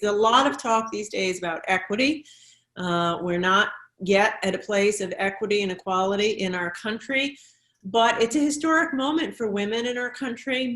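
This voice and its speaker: A woman governor moderating a panel, speaking in an upbeat way and praising her fellow panelists. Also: mid-range voice. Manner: upbeat, warm praise, occasional restarts. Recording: echoey room.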